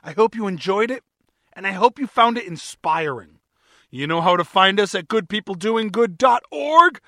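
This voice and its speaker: Male solo podcast host: upbeat and jokey, bright, dry-sounding voice. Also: sits high, lively intonation, normal speed, dry recording. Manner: upbeat, jokey, self-mocking.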